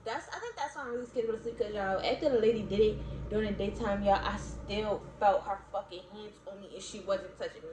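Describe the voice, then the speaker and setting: A woman's voice: mid-range voice, fast talker. A young woman from Baltimore chatting casually to viewers, rambling with lots of "like" and "y'all" and frequent laughs. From Baltimore, USA. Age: young adult. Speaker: vlogger. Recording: echoey room, faint background noise.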